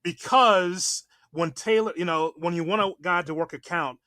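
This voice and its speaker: A co-host rants excitably about his team, his somewhat high voice leaping up as he gets going. The sound is dry and close to the mic. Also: normal speed, no room sound. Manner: excitable ranting, voice jumping up. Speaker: podcast co-host. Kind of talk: casual sports chat.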